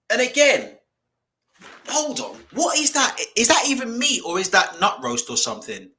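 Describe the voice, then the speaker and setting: A man live streaming and reacting to pictures from his computer. He talks in an animated way, swears freely and laughs often. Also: very high voice, moderate pace, long pauses.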